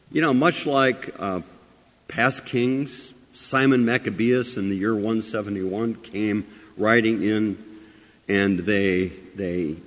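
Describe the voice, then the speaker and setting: A man preaching a sermon with many rhetorical questions, moving between loud emphasis and quiet asides. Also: on the low side. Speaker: pastor. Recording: long hall reverb.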